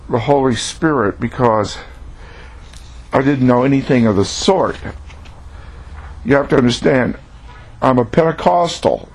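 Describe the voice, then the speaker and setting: A man with a husky, breathy voice delivers a personal testimony sermon. He tells his story earnestly and reflectively, at a middle pitch. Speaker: preacher.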